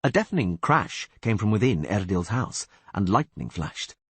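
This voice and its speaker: Husky male audiobook narrator, dry studio. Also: lowish voice, big pitch swings, moderate pace, fairly bright tone, dry recording.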